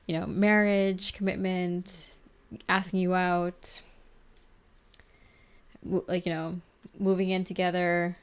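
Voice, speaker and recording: A woman's voice: on the low side, flat delivery, slow, long pauses, clean tone. A woman giving a casual pick-a-card tarot reading, chatty and giggly, filling her talk with "like". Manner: chatty and giggly, heavy use of "like". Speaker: tarot reader.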